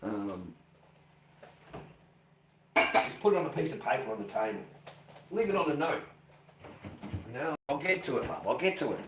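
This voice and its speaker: A man talks straight to the camera in a loose, profane rant. He circles back to the same points again and again. His voice sits at an ordinary middle pitch, with steady background noise behind him. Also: moderate pace, pauses often. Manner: profane, ranting, repeats himself. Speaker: vlogger. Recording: noisy background.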